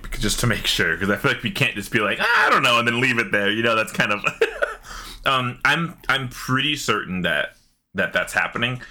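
Animated, bright-voiced man in casual chat. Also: fairly low pitch. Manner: animated, swearing, eating while talking. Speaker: podcast co-host.

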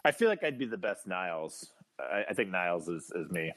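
A man's voice: low-pitched, very animated, a little fast, a bit bright. A man co-hosting a podcast in casual chat, rambling through stories with chuckles. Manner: rambling storyteller, many restarts and chuckles. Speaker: podcast co-host.

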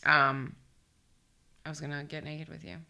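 A woman's voice: low voice, level tone, normal speed, creaky, bright, forceful tone. A woman hosting a podcast, chatting casually in a playful, jokey way. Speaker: podcast host. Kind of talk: casual interview chat.

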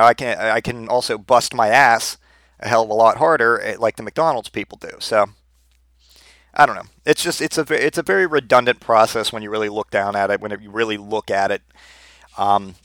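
A man's voice: medium pitch, a bit bright. A man hosting a podcast, rambling through a casual comedic rant with lots of fillers. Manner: rambling, fillers and restarts, ranty. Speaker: podcast host.

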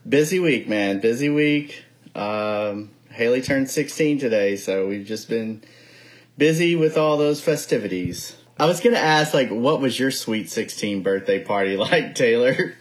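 A man in his thirties with a mid-range voice, co-hosting a podcast. He tells family stories in an animated, chatty way. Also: mid-range voice, unhurried, poor audio. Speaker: podcast co-host. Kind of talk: casual chat.

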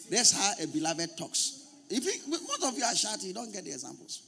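High-voiced emphatic male pastor preaching. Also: huge pitch swings, fairly quick, vocal fry. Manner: emphatic, repetitive preaching, at times shouting. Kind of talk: sermon.

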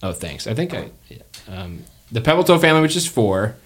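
A man's voice: mid-range voice, brisk. Man running a tabletop game. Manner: relaxed, chatty, with fillers. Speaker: game master.

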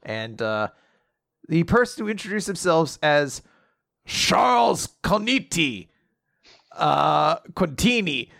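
A man co-hosting a casual chat who recaps comics loosely and laughs easily. His voice sits fairly high with a gravelly fry. The recording is close and dry. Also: sing-song, slow pace, fairly bright tone, no room sound. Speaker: podcast co-host.

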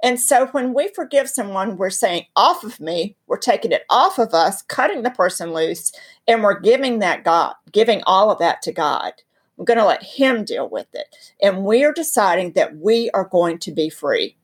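A North Carolina woman with a Southern accent, speaking as a guest, teaches about faith earnestly in conversation, sounding emphatic and preacherly as she tells stories. Her mid-range voice is very animated with a breathy edge, at a moderate pace.

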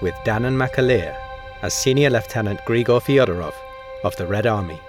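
A man reads the credits of an audio drama in a formal, even manner. His voice sits low and music plays clearly under him. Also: moderate pace. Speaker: announcer. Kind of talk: scripted announcement.

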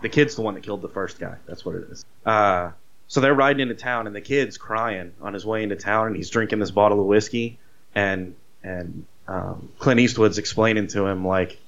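A man casually retelling a movie plot, rambling and animated, with swearing. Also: fairly low pitch, moderate pace, dull audio. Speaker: podcast co-host.

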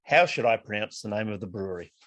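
Man, middle-aged, podcast host, enthusiastic, somewhat low voice. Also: animated, fast, fairly bright tone. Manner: upbeat, enthusiastic, frequent "uh" fillers. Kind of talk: casual interview podcast.

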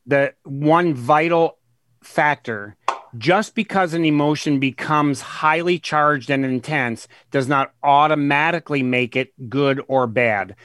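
A man, a guest author, explaining his ideas in an interview, earnest and emphatic, slowing down to stress key words and retelling conversations as examples. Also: fairly high pitch, fairly bright tone, no echo.

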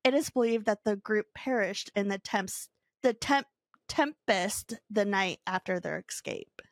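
A woman's voice: medium pitch, measured pace, no room sound. A woman co-hosting a podcast, reading a true story aloud with small stumbles and chatting casually. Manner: reads from notes with small stumbles, laughs easily. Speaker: podcast co-host.

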